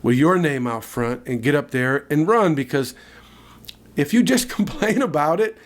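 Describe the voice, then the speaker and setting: A man with a fairly high voice tells a story on a casual podcast. He talks in an animated way, full of lively asides. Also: normal speed. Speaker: podcast co-host.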